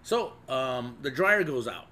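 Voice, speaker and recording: A man's voice: medium pitch, slow pace, a little hiss or hum. A middle-aged man telling a rambling, profane story in casual chat, with lots of "dude.". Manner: profane, rambling, animated storyteller who keeps saying "dude".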